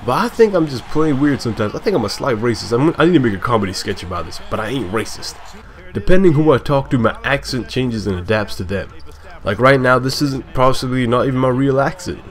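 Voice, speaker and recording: A young man from Scotland with a hybrid British-African accent, rambling through casual commentary over a basketball video game. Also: mid-range voice. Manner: rambling, chatty, self-deprecating. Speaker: gaming YouTuber.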